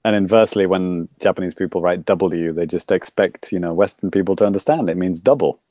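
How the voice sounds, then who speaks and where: A man's voice: low voice, a little fast, mellow, dry recording, clean studio sound. A man co-hosting a podcast in casual chat, joking and laughing often. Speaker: podcast co-host.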